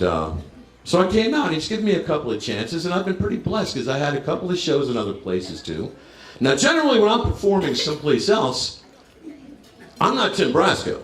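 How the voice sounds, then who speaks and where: A man's voice: a little high, roomy sound. A man in his fifties from New Jersey doing a brash, crowd-working stand-up set. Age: 50s. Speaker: stand-up comedian. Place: bar stage.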